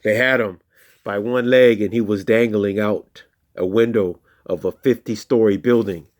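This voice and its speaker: A man telling a playful story in a slow, hushed, deliberate way, with call-and-response chants. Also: on the low side, fairly even intonation. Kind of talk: spoken children's storytelling.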